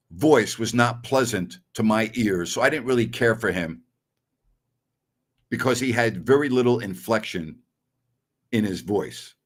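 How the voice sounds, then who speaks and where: A middle-aged man hosting a sports talk stream, answering viewer messages bluntly and with strong opinions. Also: medium pitch. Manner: blunt and opinionated, scoffs at callers.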